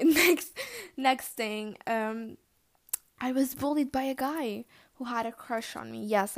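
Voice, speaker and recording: A teenage girl telling casual storytime anecdotes, chatty and quick to swear and laugh, with lots of "like". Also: a little high, a little mellow. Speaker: vlogger.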